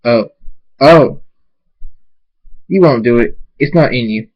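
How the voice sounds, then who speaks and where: A man voicing a captive male pony who pleads with his captor, on a dull lo-fi mic. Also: slow. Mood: defiant. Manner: pleading, breaks into high screams.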